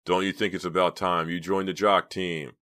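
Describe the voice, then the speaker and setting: A man's voice: deep voice, moderate pace, bright, forceful tone. A man doing a cocky teenage jock, Alex. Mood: teasing. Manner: jovial, teasing.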